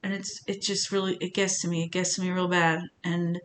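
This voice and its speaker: A woman's voice: lowish voice, level tone, brisk, a little hiss or hum. A woman streamer chatting casually on a live stream, rambling with many restarts and sounding earnest and emotional.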